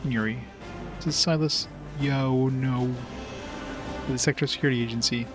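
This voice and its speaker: A calm male security commander, voiced by a man reading the game aloud, reports in a measured, businesslike way at a middling pitch. His delivery stays level and official. Clear game music runs underneath. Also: lightly acted.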